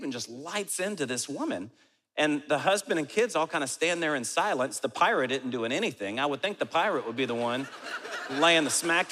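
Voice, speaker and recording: A middle-aged man preaching a sermon as pastor, moving from prayer into an animated, lively story. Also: on the high side, moderate pace. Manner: animated storyteller, acts out quotes. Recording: hall reverb.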